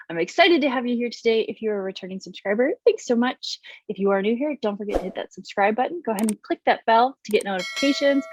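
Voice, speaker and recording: A woman in her thirties hosting her own vlog as a business coach, talking to camera in a bubbly, animated way with playful exaggerated voices. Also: mid-range voice, dry recording, highs cut off. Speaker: business coach and channel host. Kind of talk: upbeat direct-to-camera vlog.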